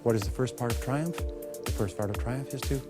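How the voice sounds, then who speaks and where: A man giving a motivational seminar talk to a live audience, animated and energetic, now and then acting out quoted voices. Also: medium pitch, fairly quick, loud music behind the voice. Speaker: motivational speaker.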